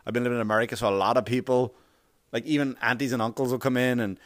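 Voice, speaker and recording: Irish guy rambling thru a funny story, swears a lot, laughs a lot, dry close sound, mid pitch. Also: fairly even intonation, rapid-fire, no room sound. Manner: laughing, profane, rambling anecdotes. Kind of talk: casual storytelling.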